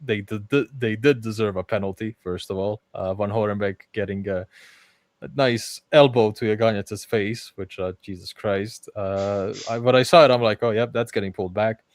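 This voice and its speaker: A man hosting a casual football podcast, his voice sitting on the low side. He talks in an animated way and often restarts his sentences. The recording is dry and close. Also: moderate pace, no room sound. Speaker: podcast host.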